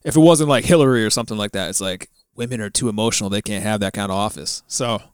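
Man, podcast co-host, smooth resonant voice, dry sound, jokey. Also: on the low side, fast talker, no echo. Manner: joking, animated asides. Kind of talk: casual chat.

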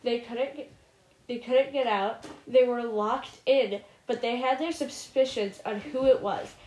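A woman's voice: a little high, unhurried, a little mellow, reverberant, low-quality recording. A young female co-reader reading a homemade story aloud, taking turns and voicing characters.

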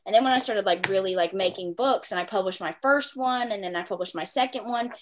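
A woman hosting a podcast in casual chat, talkative and quick to laugh, with lots of filler words. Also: medium pitch, noisy background. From small town. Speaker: podcast host.

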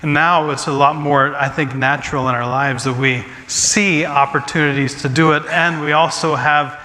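A man's voice: a little high, fairly even intonation, moderate pace, pushed and bright, slight background noise. A man preaching as pastor, earnest, often restarting and repeating his phrases as he speaks. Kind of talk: sermon with congregation Q&A. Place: church sanctuary. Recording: long church hall reverb, faint ambience.

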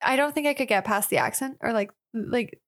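Young woman co-host, slightly high voice, relaxed and candid plot recapper. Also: a little fast. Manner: easygoing, candid about her confusion, recaps the plot. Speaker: podcast co-host. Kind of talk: casual film discussion.

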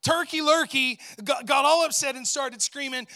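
A middle-aged male pastor preaching a lively sermon, telling a story and calling out to his congregation. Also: very high voice, brisk, few pauses.

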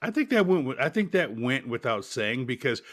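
A man co-hosting a podcast, chatting casually with an animated, joking delivery and frequent laughs. His voice sits at a middle pitch, recorded close and dry with no room sound. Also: fairly quick, dry recording. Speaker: podcast co-host. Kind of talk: casual chat.

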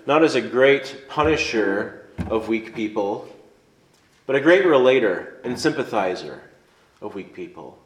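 A man's voice: medium pitch, roomy sound, low-quality recording. A man preaching a conversational sermon, earnest and explaining step by step.

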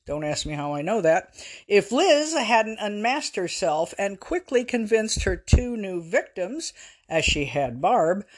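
Lady author reading her story out loud, wry with dry little asides. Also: mid-range voice. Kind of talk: storytelling narration.

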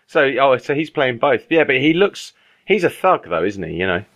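A man co-hosting a casual film podcast, chatty and quick, often repeating words as he goes. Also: mid-range voice, very animated, fairly bright tone, no echo. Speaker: podcast co-host.

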